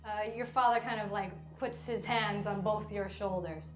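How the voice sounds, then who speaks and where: A woman narrating a tabletop role-playing game as game master in slow, descriptive sentences. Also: medium pitch, steady tone, roomy sound, over music.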